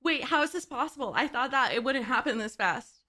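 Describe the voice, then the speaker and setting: A young woman hosting a reaction video, talking casually in an excitable way and often laughing and swearing. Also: sits high, fairly quick.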